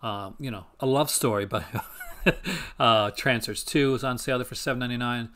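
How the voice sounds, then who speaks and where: A man's voice: medium pitch, fairly quick, pushed and bright. Rambling casual man hosting a stream. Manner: rambling, self-correcting, enthusiastic. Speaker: host. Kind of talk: casual chat. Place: home.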